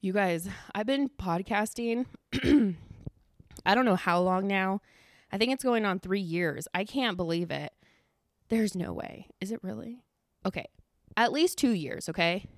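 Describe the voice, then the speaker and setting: Breathless fast-talking woman podcaster, dry sound. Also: medium pitch, animated, no room sound. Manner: talks fast without pausing for breath, gets winded; chatty, swears casually, heavy use of "like". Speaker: podcast host. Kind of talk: casual solo podcast chat.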